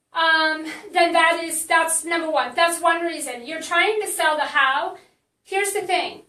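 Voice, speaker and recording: A woman's voice: very high-pitched, sharp tone, reverberant, recorded from a distance, rough recording. A woman marketing coach teaching in a casual live stream, chatty and blunt, with many fillers and restarts.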